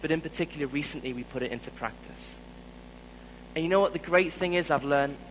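This South African preacher has a fairly high voice and talks fairly quickly, recounting a personal story with earnestness and getting louder to stress his points. The low-quality recording has slight background noise.

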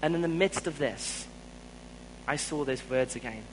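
Telling a personal story as part of a sermon, a man with a South African accent speaks earnestly at normal speed in a fairly high-pitched voice. He grows louder when driving a point home, and the background is noisy.

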